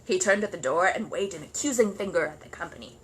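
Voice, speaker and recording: A woman reading a children's storybook aloud in an expressive storytelling voice, with faint noise behind her. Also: fairly low pitch, fast talker. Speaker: storybook reader.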